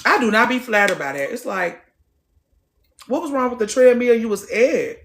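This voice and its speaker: A woman in her late thirties with a fairly high voice, chatting casually to her viewers. Her delivery is animated and she swings between loud and quiet. She talks in a frank, salty way and swears freely. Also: moderate pace, gravelly. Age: late 30s. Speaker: vlogger. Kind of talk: casual chat to camera. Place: gym.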